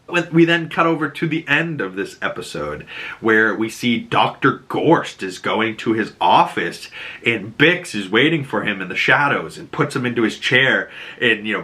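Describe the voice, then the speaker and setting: A man hosting a series breakdown channel, casually recapping episodes with excited, profane, acted-out retellings. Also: lowish voice.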